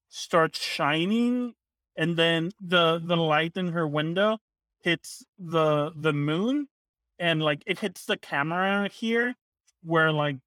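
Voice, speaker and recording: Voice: mid-range voice, fairly bright tone, clean tone, dry recording. Player narrating a scene, rambling and hesitant; a dry, close recording. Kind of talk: tabletop game play.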